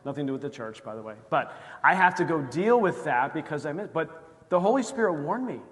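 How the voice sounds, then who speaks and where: A male pastor preaching a sermon, telling a story and acting out the dialogue with lively energy. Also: a little high, brisk. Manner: animated storytelling, acts out dialogue. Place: church sanctuary. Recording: church hall reverb.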